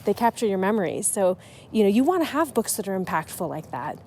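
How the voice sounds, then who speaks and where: A woman's voice: mid-range voice, big pitch swings, brisk, warm tone, slight background noise. A woman hosting a podcast about writing, talking casually and emotionally, often restarting her sentences. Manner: chatty and emotional, with frequent restarts. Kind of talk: casual solo podcast talk.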